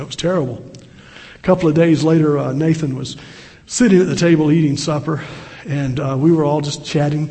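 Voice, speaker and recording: An older preacher delivering a sermon with a folksy, storytelling manner, stumbling into restarts and friendly asides. His voice sits a little high for a man. It carries a long reverb, as if spoken through a large hall. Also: dark tone.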